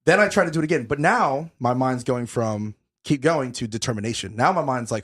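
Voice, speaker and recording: A young man, a podcast host, telling a story in casual chat, animated and swearing a lot, still out of breath. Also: medium pitch, brisk, hardly any pauses, breathy edge.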